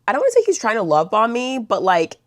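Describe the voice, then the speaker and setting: A woman's voice: fairly high pitch, huge pitch swings, fast, no room sound, clean studio sound. A young woman vlogger telling a storytime in a blunt, chatty way, swearing and saying "like" a lot. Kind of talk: storytime vlog.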